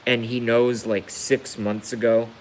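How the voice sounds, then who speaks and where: Man, livestream rant, emotional, emphatic, repetitive, mid-pitched voice, faint hiss. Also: level tone, a little slow, darkish tone, poor audio. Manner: emphatic and repetitive, hammering points home. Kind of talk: emotional rant on a live stream.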